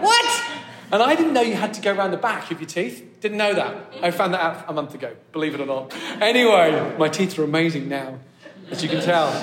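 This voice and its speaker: A man, preaching a chatty, self-deprecating sermon that turns animated as he warms up. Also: fairly high pitch. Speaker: pastor. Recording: echoey hall.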